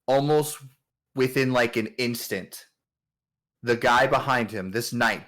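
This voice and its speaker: A man narrating as game master of a tabletop game, in a relaxed, filler-heavy way. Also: medium pitch.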